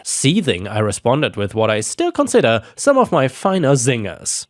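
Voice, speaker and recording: Lively, sarcastic male story narrator. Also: medium pitch, moderate pace, hardly any pauses, no echo, clean studio sound. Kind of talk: dramatic first-person story narration.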